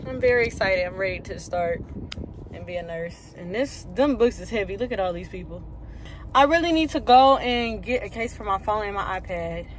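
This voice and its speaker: A woman's voice: mid-range voice, noisy background. Chatty young Texas woman vlogging. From Houston, Texas. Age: 20s. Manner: chatty, rambling, talks to viewers as y'all. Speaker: nursing student vlogger. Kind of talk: casual vlog chat to camera. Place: in a car and walking around campus. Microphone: phone camera.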